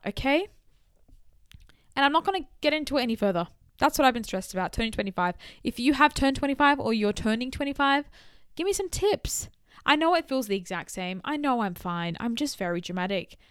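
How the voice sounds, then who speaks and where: A woman in her twenties hosting a casual solo podcast. She talks in an animated, chatty way with emphatic bursts. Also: fairly high pitch, clean tone, no echo, studio quality. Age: 20s. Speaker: podcast host.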